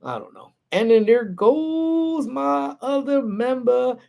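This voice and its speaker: This lunch-break livestream host has a very high, mellow voice with lively intonation, a slow pace, and vocal fry. In casual live chat he tells a story and greets his viewers, reading their names aloud.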